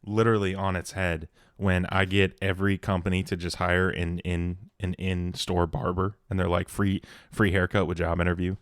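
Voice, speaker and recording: A man with a mid-pitched voice trades comic stories on a podcast, keeping the energy high and jumping into overdone voices for the people he describes. The sound is dry and close, with no room around him. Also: normal speed, hardly any pauses, clean tone, no echo. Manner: animated storyteller, jumps into exaggerated voices for people in his stories. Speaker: podcast co-host. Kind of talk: casual comedic chat.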